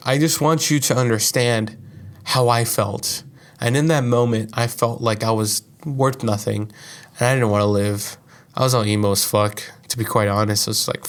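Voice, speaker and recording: A young man hosting a podcast, telling a personal story in a casual, rambling monologue full of profanity and fillers. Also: mid-range voice. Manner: profane, rambling, heavy use of "like". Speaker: podcast host.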